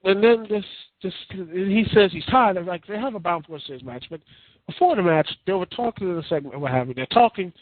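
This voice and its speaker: A man's voice: high-pitched, lively intonation, fairly quick, dry recording. A man giving a casual, rambling rant as a wrestling reviewer, incredulous and full of restarts. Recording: tinny phone-like sound.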